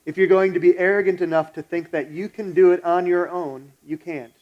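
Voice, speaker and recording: A man's voice: high-pitched, fairly even intonation, brisk, highs cut off. A pastor preaching a sermon in a blunt, exhorting, conversational way, retelling a story as he goes.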